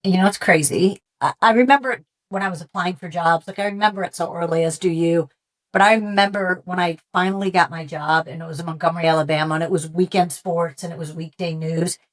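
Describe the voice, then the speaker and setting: A woman's voice: on the low side, fairly even intonation, fast talker. A middle-aged woman, a sports reporter, telling stories as a guest in a casual conversation. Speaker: NFL sideline reporter, guest.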